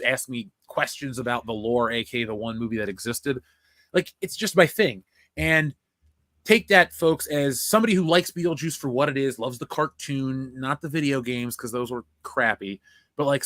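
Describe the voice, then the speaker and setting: A young man co-hosting a casual film review chat, excitable and rambling, swearing freely. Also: medium pitch, dry recording, clean studio sound. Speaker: podcast co-host.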